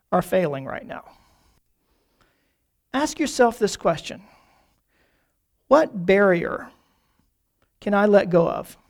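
A man preaching a sermon, often calling the congregation folks and repeating key phrases, slowing down to stress them. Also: sits high, vocal fry. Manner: slows down on key phrases for emphasis.

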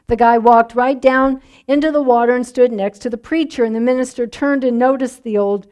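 A woman pastor preaching a sermon in a measured, reflective way, letting line endings drop softly. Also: a little high, fairly even intonation, clear, resonant tone.

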